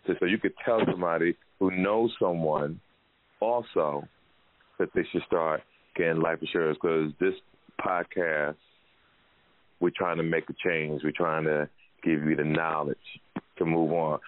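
Deep-voiced podcast host guy, cussing and doing voices, sounds like a phone line. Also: moderate pace. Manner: loose, profane storytelling with animated quoted voices. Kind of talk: casual podcast chat.

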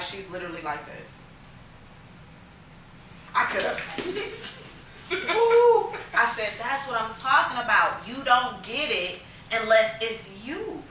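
A woman's voice: mid-range voice, pushed and bright, slight background noise. A young woman telling a personal story in a casual, emphatic, slangy chat. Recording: echoey room, mic at a distance.

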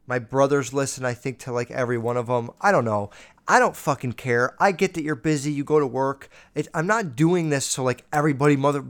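A man's voice: medium pitch, clear, resonant tone. Young man rambling on his podcast. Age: 20s. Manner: rambling, heavy swearing, heats up when retelling arguments. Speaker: podcast host. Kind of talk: casual solo podcast storytelling.

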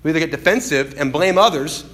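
This pastor preaches with animation, acting out the voices of those he quotes and alternating between loud and quiet delivery. He speaks quickly in a fairly high pitch.

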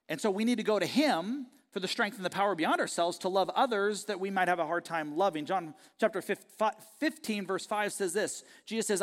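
A man preaching a sermon with a notably high voice, his words ringing out with a long hall reverb. He swings between loud, emphatic declarations and soft, chatty asides to the congregation. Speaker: pastor. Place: church auditorium.

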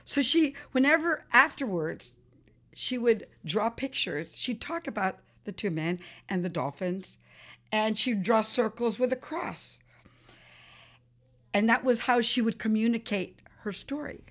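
A woman's voice: on the high side, expressive, a little slow, fairly bright tone. A woman telling an emotional personal story in an interview, acting out what others said. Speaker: interviewee, mother.

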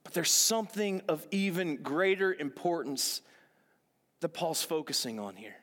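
This preacher's voice is a little high and fairly bright, animated yet unhurried, ringing out in long, echoing hall reverb. As a pastor he preaches earnestly, leaning on rhetorical questions and repeated phrases.

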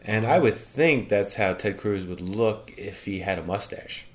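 A man co-hosting a comedy podcast, feeding deadpan leading questions in a joking chat. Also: on the low side, unhurried. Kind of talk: joking conversational banter. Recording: roomy echo.

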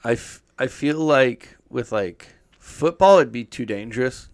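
Man, podcast co-host, casual, profane, animated. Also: mid-range voice, measured pace. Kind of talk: casual chat.

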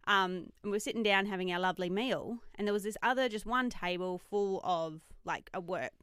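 A woman, co-hosting a podcast as a lively storyteller who acts out what others said in casual chat. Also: mid-range voice, a little fast, clean tone, no room sound, clean studio sound. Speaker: podcast co-host.

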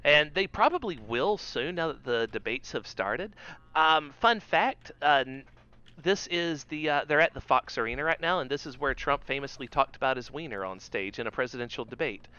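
A man hosts a casual comedy podcast and cracks wry jokes as he runs down the news. His voice is bright and clear, with lively swings in pitch. The sound is dry and a little dull, as from a basic podcast mic. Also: normal speed. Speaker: podcast co-host.

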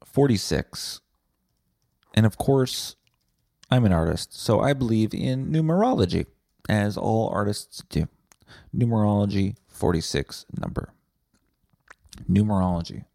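A man's voice: fairly low pitch, lively intonation, a little slow, gravelly, pauses often, mellow, no echo. A man hosting a podcast, delivering a rambling, profane, sarcastic comedic monologue on a close mic. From Winnipeg, Canada. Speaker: podcast host.

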